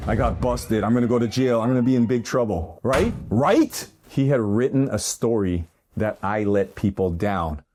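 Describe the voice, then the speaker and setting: A middle-aged man hosting his own art video, giving an animated, jokey motivational monologue that keeps rising into loud bursts. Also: lowish voice, normal speed, noisy background. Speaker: artist and video host. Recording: music bed under the voice.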